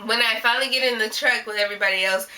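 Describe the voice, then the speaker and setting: A woman vlogger recounting a story in casual, animated chat, filling her sentences with "like". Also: a little high, rapid-fire. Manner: rambling and animated, constant "like" fillers. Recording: voice a little distant from the mic.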